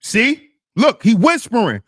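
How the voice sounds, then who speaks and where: A man's voice: very high-pitched, wildly swooping pitch, a little slow, fairly bright tone, no echo, studio quality. A man giving emphatic, repetitive reaction commentary on a clip, speaking to his chat.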